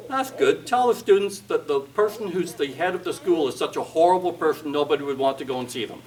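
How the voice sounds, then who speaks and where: A man's voice: high voice, expressive, a little fast. A man giving a seminar talk on discipline, telling stories and acting out what parents, teachers and children say, with dry humor. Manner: storytelling, acts out quoted parents and kids, wry humor. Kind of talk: seminar talk with acted anecdotes. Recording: distant mic with faint background noise.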